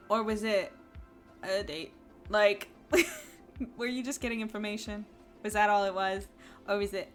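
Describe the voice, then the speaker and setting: A woman's voice: mid-range voice, a little slow, pauses often, faint music behind. A woman with a New Jersey accent, chatting casually as a player on a tabletop game stream, rambling with lots of fillers and laughter. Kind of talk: casual chat.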